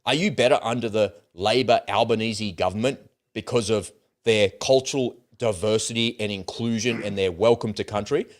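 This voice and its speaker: A man's voice: fairly low pitch, moderate pace. An Australian man hosting a political commentary livestream, talking bluntly in casual, ranting speech and swearing freely.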